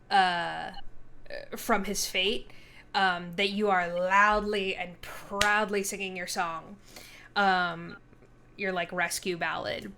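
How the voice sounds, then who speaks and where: A woman game master narrates a tabletop game at a slow, easy pace, chatting loosely with plenty of "um" and "like". Faint background noise runs under her voice. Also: fairly low pitch, creaky. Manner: relaxed, chatty, many fillers.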